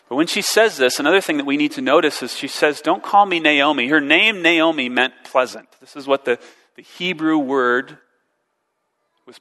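A man delivers a sermon in a bright, forceful voice, earnest and searching. He often doubles back on his words and poses questions to the congregation. His voice rings with the long reverb of a large hall. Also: on the high side. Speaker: preacher.

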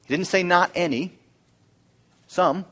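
Emphatic male preacher, higher voice. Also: slow pace. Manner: emphatic, repeats key phrases, surges louder on points. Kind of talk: expository sermon.

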